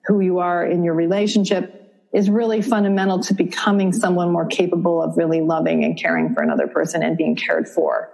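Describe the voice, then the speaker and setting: A middle-aged woman from Vermont speaks as a counselor on a podcast, her voice sitting a little low. She explains things in a calm, measured, thoughtful way, building each point step by step. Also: vocal fry, poor audio. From Vermont, USA. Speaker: relationship and sexuality counselor, guest. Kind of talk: podcast interview.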